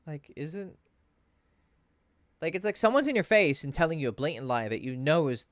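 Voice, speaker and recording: A man's voice: fairly high pitch, normal speed, no room sound, clean studio sound. A man coaching on dating, telling a story in a casual, profane livestream Q&A and acting out the people he quotes. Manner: casual, profane, animated when quoting others.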